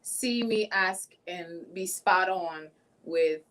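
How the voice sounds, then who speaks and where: A woman's voice: lowish voice, takes it slowly, a bit bright, low-quality recording. A woman speaking as a panel guest, sharing anecdotes in an emphatic, storytelling way. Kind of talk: casual panel talk.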